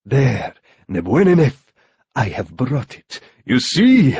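A man voicing a cruel male villain priest who mutters quietly and gloats, in an audiobook reading. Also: mid-range voice, huge pitch swings, slow, husky, no echo, dull audio, full character voice. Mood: gloating.

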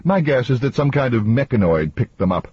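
A man's voice: mid-range voice, expressive, brisk, breathy edge, dull audio, voice pushed up. A man doing Roman, a confident crewman.

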